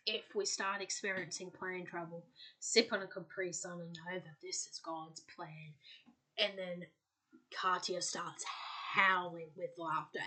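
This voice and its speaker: A woman hosting a podcast, chatting casually and bubbly, with lots of filler words. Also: mid-range voice. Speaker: podcast host.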